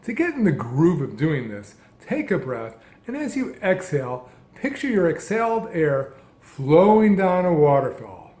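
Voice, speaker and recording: A man giving a calm, measured lesson as a speech coach, speaking in deliberate phrases. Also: a little high, reverberant. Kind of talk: instructional narration.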